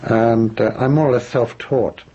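A man's voice: medium pitch, fairly even intonation, measured pace, dark tone, slightly rough. An older man from England, answering interview questions in a reflective, self-deprecating way with frequent restarts. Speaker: author and guest. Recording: dull lo-fi radio recording with faint noise.

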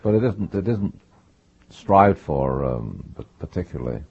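An older man from England with a mixed British and North American accent, telling his life story in an interview with many pauses and fillers. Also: low-pitched, big pitch swings, creaky, a little mellow, lo-fi sound, slight background noise. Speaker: guest, writer.

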